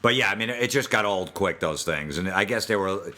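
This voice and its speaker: A man's voice: low-pitched, animated, fairly quick, bright, forceful tone. A man ranting crudely in a casual podcast chat, swearing freely. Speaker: podcast host.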